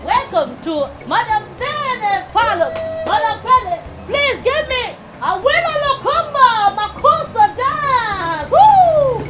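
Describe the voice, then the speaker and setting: An actress playing a boastful Congolese woman who pitches money schemes in broken English with a French-tinged accent and frequent laughs. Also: very animated, a little slow, hardly any pauses, over loud music, full character voice. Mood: showy announcing. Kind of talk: comedy film acting.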